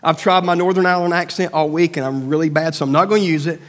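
A man, a pastor, preaching an animated sermon. He acts out voices and drops quietly for serious points. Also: a little high, quick pace. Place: church sanctuary. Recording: long church hall reverb.

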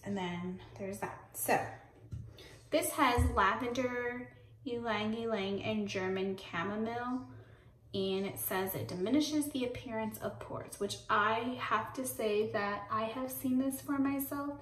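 A young adult woman from Texas, casually walking through her nighttime skin and hair routine and filling her pauses with ums. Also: fairly high pitch, a bit bright, a little hiss or hum. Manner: chatty with frequent ums, self-correcting. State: pregnant. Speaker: vlogger. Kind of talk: casual product walkthrough. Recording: roomy, mic at a distance.

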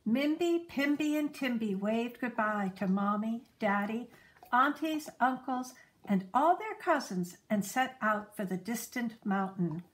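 A woman reading a children's picture book aloud in a gentle, lively storytelling manner. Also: a little high, a little slow.

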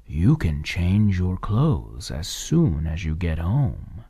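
A man's voice: big pitch swings, dark tone, husky, no echo, studio quality, full character voice. A man whispering as a sly, coaxing frog tailor. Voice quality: deep voice. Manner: coaxing, slow and drawn out. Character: big-mouthed male frog tailor, sly and jolly. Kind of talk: whispered role-play.

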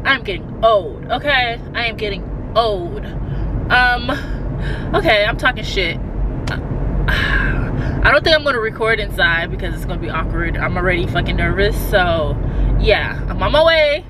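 A woman's voice: mid-range voice, expressive, a little slow, noisy background. A woman in her twenties vlogging from her car, chatty and nervous, swearing freely as she talks straight to her phone camera. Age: 20s. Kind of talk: casual vlog monologue. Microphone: handheld phone or camera.

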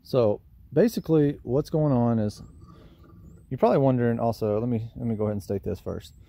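Gravelly Southern man showing his trailer. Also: mid-range voice, lively intonation, brisk, dark tone. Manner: rambling, folksy, self-deprecating. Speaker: lawn care business owner. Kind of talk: casual DIY how-to vlog. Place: outdoors by a trailer.

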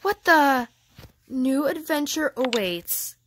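A woman giving casual, excitable gameplay commentary, gushing and giggly as she thinks aloud. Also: high voice, slow pace, slight background noise. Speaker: gaming channel host.

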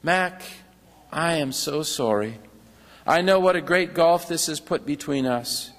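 A man reading the lines of a tender, motherly female God figure softly and gently. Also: a little high, a little slow, long reverb tail.

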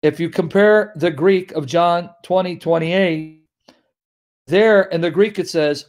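A man teaching scripture to an online audience, emphatic, repeating key phrases slowly and calling listeners guys. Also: sits high, darkish tone. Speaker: Christian apologist teaching scripture. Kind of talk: live online Bible teaching.

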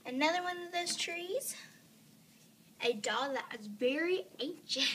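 A woman's voice: high-pitched, animated, measured pace, a bit bright, a little hiss or hum. A teenage girl giving a casual, rambling room tour vlog, filmed on a handheld phone in her bedroom, full of fillers and joking asides. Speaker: vlogger. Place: bedroom at home.

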